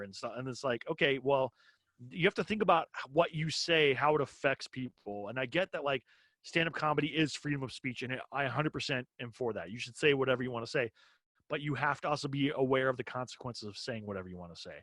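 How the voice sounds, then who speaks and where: A man's voice: mid-range voice, quick pace, a bit bright, no echo. A man co-hosting a comedy podcast, talking casually and with strong opinions, often acting out quoted exchanges.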